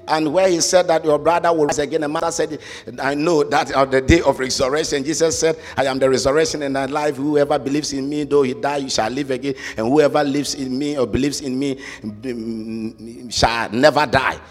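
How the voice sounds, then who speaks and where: A man preaching a sermon, emphatic and sing-song, rising to shouts and asking the congregation to repeat phrases. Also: a little high. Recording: reverberant hall with faint music.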